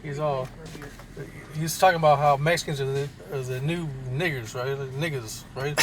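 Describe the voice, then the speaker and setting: A man's voice: mid-range voice, normal speed, a loud crowd, poor audio. A man in a casual podcast chat, telling stories with lots of swearing and laughing at his own jokes. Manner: profane storyteller, laughs at his own bits. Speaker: podcast guest.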